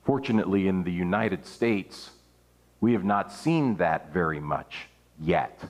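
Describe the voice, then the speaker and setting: A man's voice: low-pitched, animated, measured pace, a little mellow. Man preaching an earnest sermon. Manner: earnest preaching, rising and falling for emphasis.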